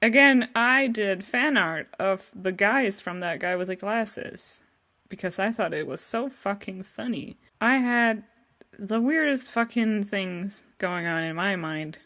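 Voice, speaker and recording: A young woman talks slowly through her old artwork in a loose, self-mocking way. She swears freely, breaks into laughter and trails off mid-thought. Her voice sits at an everyday middle pitch. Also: lively intonation, bright, forceful tone. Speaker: vlogger. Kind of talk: casual commentary reviewing old artwork.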